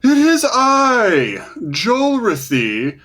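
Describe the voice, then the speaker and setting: A man's voice: very high voice, wildly swooping pitch, extremely slow, bright, forceful tone, voice pushed up, heavily acted. A man voicing a boastful, grandiose goblin adventurer in a pompous, theatrical manner.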